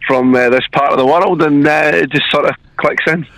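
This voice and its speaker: Scottish male caller, relaxed and good-humoured, dry close sound. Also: fairly high pitch, moderate pace, no room sound, poor audio. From Scotland. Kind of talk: casual phone-in chat.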